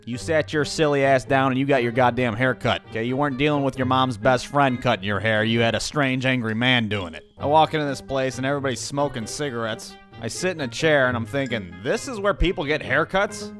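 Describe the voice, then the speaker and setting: A man narrates a cartoon story with a medium-pitched voice and a sardonic, swearing delivery. Faint music plays underneath him. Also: a bit bright. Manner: profane, sardonic. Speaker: comedic storyteller.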